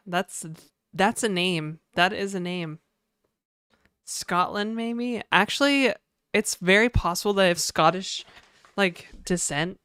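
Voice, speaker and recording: Canadian woman streamer, lightly accented, smooth and dry, chatty and joking. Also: mid-range voice, fairly bright tone, no echo. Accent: mild Canadian. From Canada (New Brunswick). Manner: chatty, joking, answers chat aloud. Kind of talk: casual live-stream chat.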